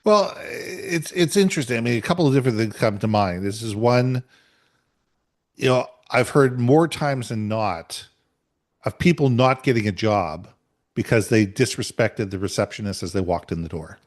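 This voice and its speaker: A middle-aged man co-hosting a podcast, telling a workplace story in an emphatic, animated way. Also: mid-range voice, normal speed. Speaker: podcast co-host. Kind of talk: conversational storytelling.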